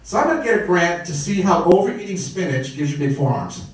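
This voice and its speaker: A middle-aged Brooklyn, New York man performs a brash, wisecracking stand-up set on a comedy club stage, working the crowd. His voice sits high, swinging widely in pitch at a quick pace. The recording sounds distant, caught in an echoey club.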